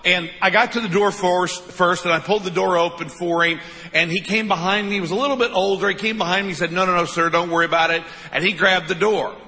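A man's voice: high voice, fast, pushed and bright, in a large hall. A man in his fifties preaching a sermon, telling stories with self-deprecating humor and frequent "right?" asides. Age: 50s. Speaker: pastor.

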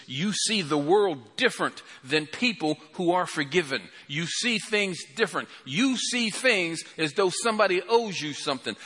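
A man preaching an impassioned sermon in a church hall, swelling loud then dropping to a hushed prayer. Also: high-pitched, slightly rough. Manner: impassioned, rising and falling, calls for amen.

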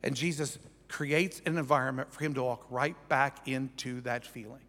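A man's voice: mid-range voice, steady tone, moderate pace, a bit bright. Male pastor preaching in a reverberant hall. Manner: conversational preaching, keeps asking 'right?'. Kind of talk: sermon. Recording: church hall with long reverb.

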